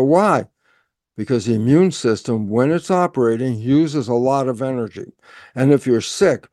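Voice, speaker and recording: A man's voice: medium pitch, a little mellow, dry recording, clean studio sound. Man explaining with questions and answers. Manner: conversational lecturing, plays out both sides of a dialogue; repeats words and restarts, asks and answers his own questions. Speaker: speaker explaining stress biology. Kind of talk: explanatory talk.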